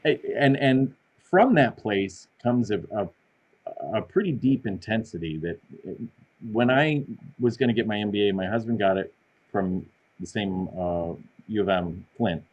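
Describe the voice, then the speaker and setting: A middle-aged man guests on a podcast, his voice sitting a little low. He talks in a lively, self-deprecating way, rushing through his stories. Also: poor audio. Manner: animated, self-deprecating storyteller. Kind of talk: casual conversation.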